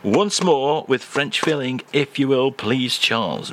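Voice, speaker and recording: A man hosting a comic radio segment, rambling in a mock-pompous, deadpan way. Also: mid-range voice, a little slow, few pauses. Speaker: radio comedy host.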